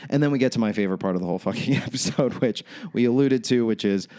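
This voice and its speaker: A man's voice: mid-range voice, quick pace, mellow. A man co-hosting a podcast, chatting casually about a TV episode, rambling and swearing a lot, laughing often. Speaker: podcast co-host. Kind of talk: casual chat recapping a TV episode.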